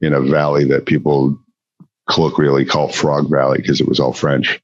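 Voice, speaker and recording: A man's voice: a bass voice, level tone, normal speed, no room sound, muffled recording. A man from the Upper Midwest, chatting casually on a podcast in a laid-back way, with lots of easy yeps and mm-hmms. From Upper Midwest US near the Canadian border. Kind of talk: casual chat.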